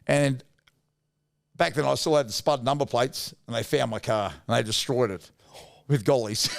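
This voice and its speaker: Aussie ex-footy bloke, 50s, gravelly voice, blunt and laddish, just spinning yarns on a podcast. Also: male voice, medium pitch, normal speed, pauses often. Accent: Australian. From Australia. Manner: blunt, laddish yarn-telling with slang and swearing. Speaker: guest, former rugby league player. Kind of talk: casual storytelling interview.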